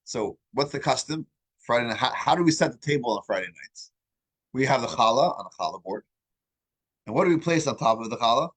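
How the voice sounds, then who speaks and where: A man teaching a weekly religious class, asking the group questions and telling stories in an animated way, often restarting his words. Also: a little high, husky, poor audio. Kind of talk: lesson with storytelling.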